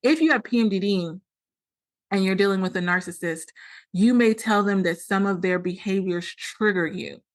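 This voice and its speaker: A woman's voice: mid-range voice, normal speed. A woman hosting a solo podcast, explaining earnestly and often acting out quoted dialogue. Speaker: podcast host.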